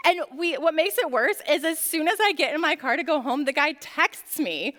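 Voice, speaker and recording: A woman's voice: sits high, expressive, moderate pace, fairly bright tone. A young woman speaking to a church youth group, telling stories in a chatty way with many "like" fillers. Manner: chatty storytelling full of "like" fillers. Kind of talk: casual youth group talk. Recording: long hall reverb.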